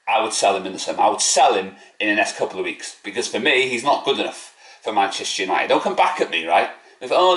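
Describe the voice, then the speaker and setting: A man's voice: fairly low pitch, fairly bright tone. A man hosting a football fan channel, giving a blunt, opinionated match preview with some swearing. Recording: roomy echo.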